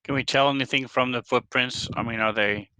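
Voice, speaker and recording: A man's voice: medium pitch, fairly even intonation, brisk, bright, forceful tone, a little hiss or hum, poor audio. A man playing a tabletop game who asks the game master a run of questions. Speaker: player. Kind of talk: casual chat over a tabletop game.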